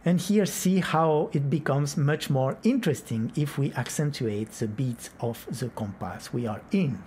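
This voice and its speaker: A man's voice: mid-range voice, background noise. Man teaching flamenco rhythm. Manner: counts beats aloud and chants rhythm syllables; plain explanatory talk with occasional Spanish words. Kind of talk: rhythm lesson with counting and vocal syllables.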